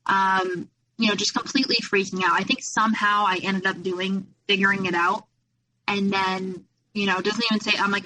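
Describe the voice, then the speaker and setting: A woman's voice: medium pitch, flat delivery, moderate pace, sharp tone, rough recording. A young adult woman speaking candidly as a podcast guest, retelling past events with lots of quoted dialogue. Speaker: guest, abuse survivor. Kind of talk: personal storytelling in a podcast interview.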